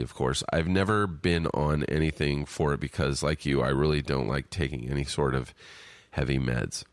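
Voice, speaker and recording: A man's voice: a bass voice, dry recording. A man hosting a podcast, reading out a listener email and then chatting about it in a loose, rambling way with filler words and restarts. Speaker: podcast host.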